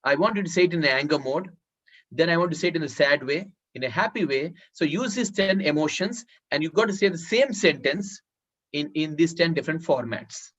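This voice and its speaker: Leading a public speaking workshop on an online video call, a man with a fairly high, a bit bright voice talks animatedly and a little fast, giving instructions and repeating words for note-taking. The audio comes through as dull, lo-fi video call sound.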